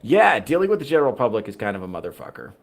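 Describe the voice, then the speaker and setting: A man's voice: mid-range voice, big pitch swings, racing, creaky. A man hosting a casual livestream podcast, rambling through viewer chat in a wry, profane way. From United States. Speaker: podcast host reading chat.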